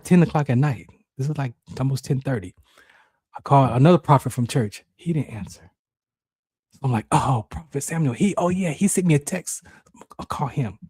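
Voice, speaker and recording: A man's voice: breathy edge, no room sound, studio quality. A man co-hosting a talk show, telling a personal story with emotion and acting out voices in his head. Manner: emotional, animated, acts out inner voices in high shouts. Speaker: podcast co-host.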